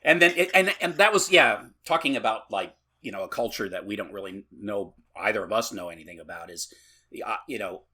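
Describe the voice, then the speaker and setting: A man's voice: on the low side, pushed and bright, breathy edge. A man co-hosting a horror podcast, rambling and profane, laughing often as he talks. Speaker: podcast co-host. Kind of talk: casual podcast chat.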